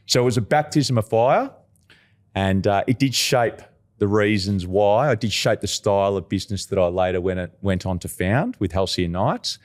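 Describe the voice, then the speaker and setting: A middle-aged Australian man, a recruitment agency founder, telling animated stories as a podcast guest, slowing down to stress key points. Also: lowish voice. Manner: animated storyteller, emphatic, slows down for key points. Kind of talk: podcast interview.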